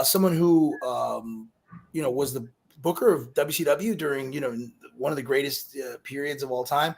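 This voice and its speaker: Rambling man hosting a live chat. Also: a little high. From Chicago. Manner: rambling, many fillers, joking. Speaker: host. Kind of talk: casual live show chat.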